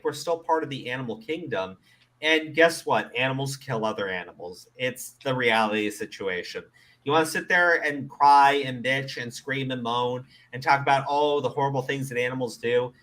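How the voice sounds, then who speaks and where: A man hosting a casual commentary show, ranting with lots of swearing, stammered restarts and frequent laughter. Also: mid-range voice. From Middle East. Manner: profane, animated, laughs often, stammers on restarts. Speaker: commentary host.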